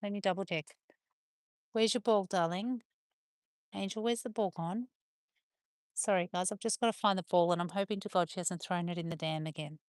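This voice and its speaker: A woman chatting with viewers on a livestream while playing with her dogs, slipping into high sing-song praise for them. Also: moderate pace, long pauses, a little mellow, no echo, studio quality. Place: outdoors on a rural property with dogs.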